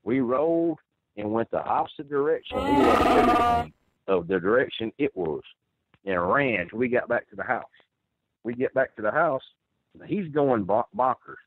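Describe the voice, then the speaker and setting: A man's voice: mid-range voice, very animated, normal speed. A man telling a first-person story, rambling and earnest with many restarts. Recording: tinny phone line.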